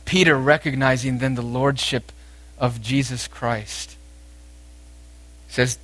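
A man preaching a sermon, speaking with emphasis and moving between raised exhortation and quiet, intense passages. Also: mid-range voice, fairly even intonation, takes it slowly, pauses often.

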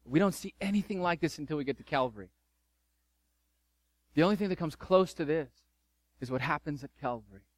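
A man's voice: on the high side, expressive, a little fast, long pauses, no echo. A middle-aged man preaching a sermon as pastor, fervent and emphatic, repeating key phrases.

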